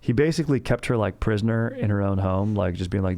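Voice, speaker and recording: A man hosts a comedy history podcast, telling the story in a rambling, slangy way and laughing at his own jokes. His fairly low, warm voice is expressive and quick, with hardly any pauses.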